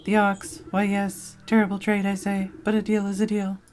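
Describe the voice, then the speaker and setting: Lady doing a puffed-up scarecrow harvest spirit, grand and old-timey, pitched up from her normal voice. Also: completely flat delivery, moderate pace, darkish tone, faint music behind, natural voice. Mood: pompous. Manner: grandiose, old-fashioned bargaining tone.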